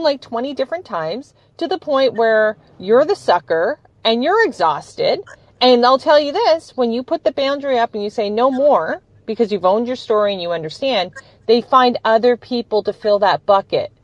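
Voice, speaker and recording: Woman, interview host, enthusiastic, affirming, higher voice, muffled lo-fi call sound. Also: animated, normal speed, dry recording. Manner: enthusiastic, affirming, laughs easily. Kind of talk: conversational interview.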